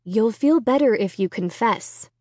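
A woman's voice: fairly high pitch, animated, measured pace, mellow, dry recording. Woman voicing a stern mom, clipped, controlled, dry close sound. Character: stern, shocked mother, adult woman.

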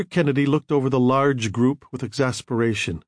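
A man narrating an audiobook in a measured, even manner. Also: mid-range voice, dry recording, clean studio sound.

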